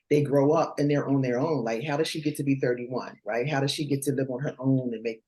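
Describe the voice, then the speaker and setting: A middle-aged woman, a mother, talking casually on a panel and acting out her daughter's lines in a high voice. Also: low-quality recording. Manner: animated, acts out quotes in a high voice.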